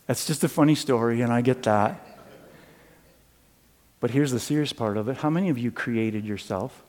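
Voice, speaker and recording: An older man preaching a sermon, animated in his stories and dropping low and quiet for serious points. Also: normal speed, in a large hall. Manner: animated storytelling, swings from loud and high to low and quiet. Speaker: pastor.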